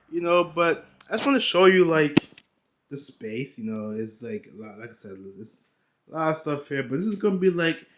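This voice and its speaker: A man's voice: medium pitch, sharp tone, reverberant. A young man from New York chatting casually in a vlog, joking around and leaning on "you know" asides. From New York, United States. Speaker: YouTuber. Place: half-unpacked room with boxes and bags.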